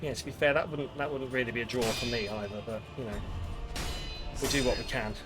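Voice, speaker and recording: A man's voice: mid-range voice, fairly even intonation, brisk, music in the background. A young British man with a southern English accent, chatting playfully while streaming a game. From Britain. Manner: playful, self-mocking, tries silly voices. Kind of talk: live gameplay commentary.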